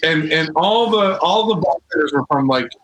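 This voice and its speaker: A man's voice: fairly high pitch, lively intonation, normal speed, fairly bright tone. A man co-hosting a casual watch-along chat, telling stories animatedly and swearing freely. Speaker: podcast co-host. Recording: echoey room.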